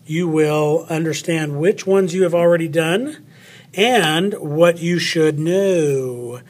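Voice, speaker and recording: A man leads a children's spelling lesson, unhurried and playful. His voice sits a bit higher than most men's. He talks close to the mic as if to one child. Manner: playful, slow and patient, speaks to an unseen child. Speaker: teacher.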